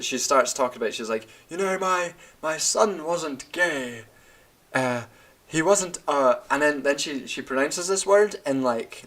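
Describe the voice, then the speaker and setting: Young man, wine-fuelled rant, swearing, animated, stumbling, mid-pitched voice. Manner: profane, animated, laughing and stumbling over words. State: drinking wine. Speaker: vlogger. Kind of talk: casual rant.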